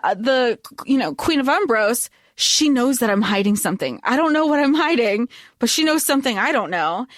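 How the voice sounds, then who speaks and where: A woman's voice: on the high side, dry recording, clean studio sound. A woman co-hosting a podcast, recapping a fantasy novel in casual chat and acting out the characters' lines. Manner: animated, acts out character lines, swears. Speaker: podcast co-host.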